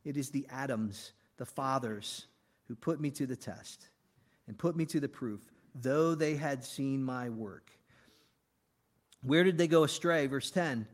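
A man, a pastor, preaching a conversational sermon full of rhetorical questions, swinging between loud and hushed. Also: medium pitch, a little slow.

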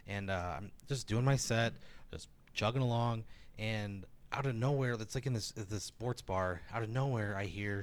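A stand-up comedian tells a rambling story in casual chat, animated and swearing, packed with fillers. His voice sits on the low side and he talks at a normal speed.

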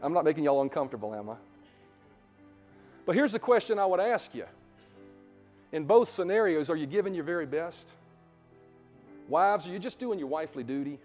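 A middle-aged male pastor preaching a sermon in a church sanctuary, emphatic, full of rhetorical questions, building to loud peaks. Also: a little high, lively intonation, a little fast, pauses often, long reverb tail, soft background music.

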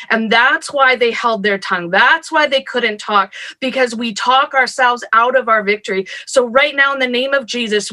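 A woman's voice: fairly high pitch, pushed and bright. A woman leading an emotional, spontaneous prophetic prayer, declaring with fervor. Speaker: worship leader praying.

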